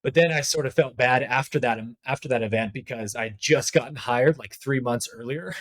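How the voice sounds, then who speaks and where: A man at a middle pitch tells a personal story as a podcast guest. He talks in a candid, animated, conversational way, using plenty of casual fillers. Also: a little fast. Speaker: podcast guest, spiritual teacher.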